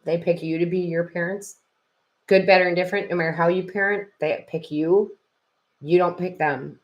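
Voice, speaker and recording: A low-voiced woman giving tarot readings on a home live stream, speaking through a built-in computer mic. She talks in effusive bursts, quick to gush and exclaim. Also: fairly even intonation, lo-fi sound. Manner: emotional, effusive, tearful exclamations. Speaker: tarot reader and medium. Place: home room. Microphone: built-in computer camera mic.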